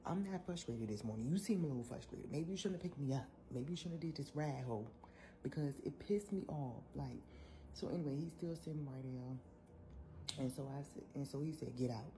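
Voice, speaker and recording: A young woman, telling an animated, sassy story in a casual vlog. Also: deep voice, fairly quick, background noise. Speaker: vlogger.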